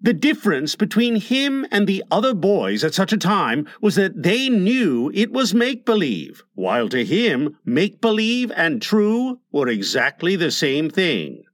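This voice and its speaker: Expressive man reading a storybook aloud. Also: high voice, measured pace, few pauses, dry recording, studio quality. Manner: expressive, playful. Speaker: narrator.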